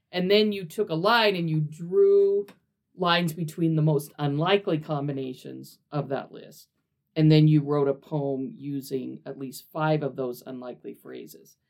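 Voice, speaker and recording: A woman's voice: sits low, steady tone, normal speed, a little mellow. Chatty woman co-host explaining. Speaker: podcast co-host. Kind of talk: casual chat.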